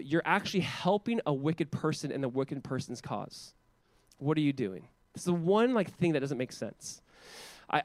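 A man preaching a sermon as pastor in an animated, conversational way full of casual asides. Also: on the high side, no room sound.

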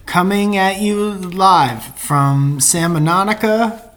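A man's voice: sits high, slow, a bit bright. Playful, teasing man co-hosting a podcast. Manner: playful, teasing, reads friend's texts aloud in a raised voice. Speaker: podcast co-host. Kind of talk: casual chat.

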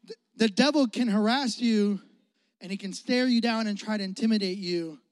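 A young male preacher from the Chicago area with a high voice, telling a story in an animated, joking way and talking straight to his audience. The recording is close and dry. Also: moderate pace, no echo. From Chicago area, United States. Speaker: youth preacher. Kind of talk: storytelling sermon.

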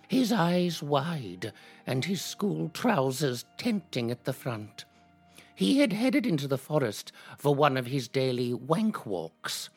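A prim, plummy old English dame as a comedian puts her on reads out fan fiction in a slow, deadpan drawl. The husky voice rises and dips widely, with faint music playing behind. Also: medium pitch, exaggerated voice. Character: posh elderly English actress, prim and genteel. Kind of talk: deadpan comic reading.

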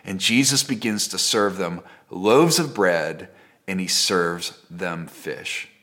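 A man preaching a sermon as a pastor, telling the story in a conversational, dramatic way and dropping to a hush at key moments. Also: low-pitched, takes it slowly. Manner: conversational and dramatic, with repeated phrases.

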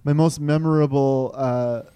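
Mellow-voiced man describing beer. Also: mid-range voice, steady tone, unhurried, clear, resonant tone, dry recording. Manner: descriptive, searches for words. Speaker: podcast co-host. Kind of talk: casual beer-tasting chat.

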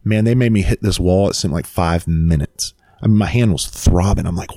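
Deep-voiced dude telling a wild story, swears a lot, super dry close sound. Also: male voice, moderate pace, no room sound. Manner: profane, animated storyteller. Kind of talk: casual storytelling.

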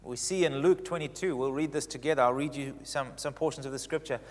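A man preaching a sermon who gets animated, swinging in pitch and loudness as he drives his points home. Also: fast, big-room sound.

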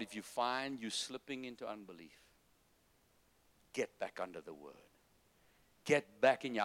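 A man preaching a sermon, moving between loud, urgent exhortation and soft, low-voiced asides to the congregation. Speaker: pastor.

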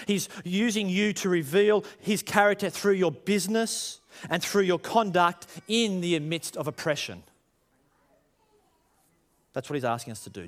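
A man, preaching a conversational sermon to his congregation and rising in emphasis as he tells stories. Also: on the high side. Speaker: pastor.

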